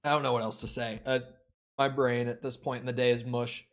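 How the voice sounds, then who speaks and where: A man's voice: medium pitch, fairly quick. A man with a mild Minnesotan accent, rambling casually to his viewers while streaming a game. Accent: Minnesotan, from the Twin Cities. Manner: rambling, animated, swears casually, chats with viewers. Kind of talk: casual livestream chat while gaming. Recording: faint background game music.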